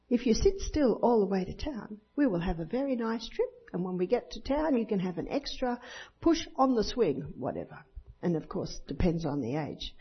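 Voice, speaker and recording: A woman's voice: fairly high pitch, breathy edge. An older woman giving a sermon, telling personal stories and acting out the voices of children. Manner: storytelling, acts out voices of children and others. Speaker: Christian speaker. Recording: dull lo-fi recording.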